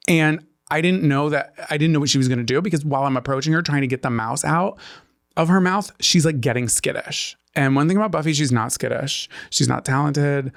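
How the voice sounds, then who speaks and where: Gravelly, animated male podcast co-host. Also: mid-range voice, no room sound, clean studio sound. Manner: animated storytelling, rising to squeals when excited. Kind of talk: casual podcast chat.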